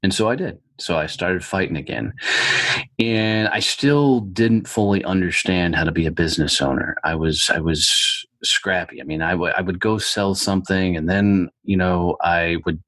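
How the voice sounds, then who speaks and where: A man's voice: low-pitched, normal speed, dry recording. A middle-aged man from the United States telling his story as a podcast guest, blunt and heavy on swearing. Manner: profane, blunt and animated storyteller. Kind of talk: storytelling in an interview.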